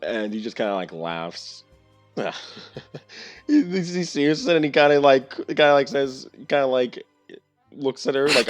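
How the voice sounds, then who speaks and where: A man's voice: mid-range voice, animated, moderate pace, faint music behind. A man narrating as game master of a tabletop game, rambling with many fillers.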